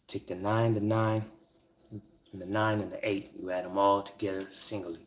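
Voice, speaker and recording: A man's voice: fairly low pitch, little pitch movement, normal speed, background noise. A man telling stories and teaching a numbers trick in a casual, profane, emphatic way. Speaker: numerology teacher. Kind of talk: casual storytelling monologue.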